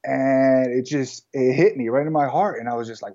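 A man being interviewed as a guest, telling his life story in a relaxed, casual way with frequent fillers and restarts. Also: medium pitch, normal speed, few pauses, lo-fi sound. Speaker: guest entrepreneur.

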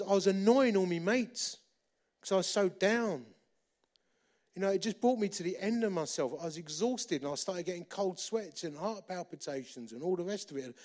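A man preaches by telling his own story. He is animated and jokes at his own expense. His speaking voice sits somewhat high. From England. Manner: animated, self-deprecating humour. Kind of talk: storytelling sermon.

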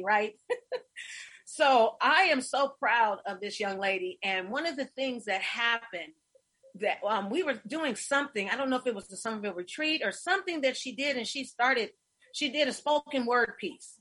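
Effusive husky-voiced woman host. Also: fairly high pitch, moderate pace, fairly bright tone. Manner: effusive, storytelling, emotional. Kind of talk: casual interview chat.

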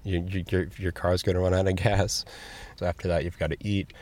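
A young man working as a store cashier, talking candidly and haltingly in an interview, earnest and sometimes emotional. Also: low-pitched, flat delivery, darkish tone.

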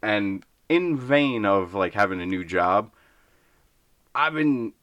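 Brash young man ranting, bright voice. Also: lowish voice, lively intonation, slow pace, no room sound. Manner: blunt, ranting, acts out voices in stories. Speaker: podcast co-host. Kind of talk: casual podcast chat.

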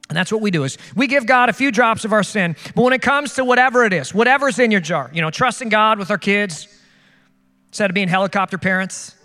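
A man preaching a sermon in a bright, high voice, earnest and conversational, with a string of rhetorical questions. His voice rings out in a space with long reverb. Soft music plays faintly behind him. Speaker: pastor.

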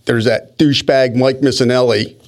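A man spins a loose, animated story in casual conversation. His voice sits in an ordinary middle pitch, and he doubles back and restarts his sentences as he goes. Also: moderate pace. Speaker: podcast co-host telling stories.

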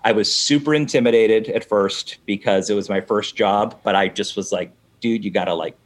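Animated middle-aged man telling a story. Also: on the low side, moderate pace. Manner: animated, acts out quoted dialogue, swears casually. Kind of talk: casual storytelling chat.

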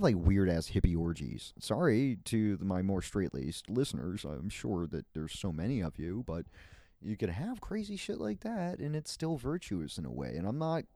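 A man's voice: lowish voice, warm tone, no room sound, studio quality. A man hosting a solo podcast, rambling in a playful, meandering way with frequent laughs and restarts. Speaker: podcast host.

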